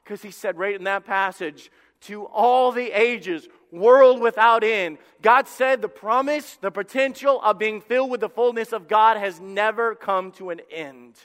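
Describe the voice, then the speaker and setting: A pastor preaching a sermon to his congregation, swinging between loud bursts and quiet moments. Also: high-pitched, a little slow. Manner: preaching with dramatic shifts in volume, acting out God's voice. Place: church sanctuary with congregation. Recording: reverberant hall.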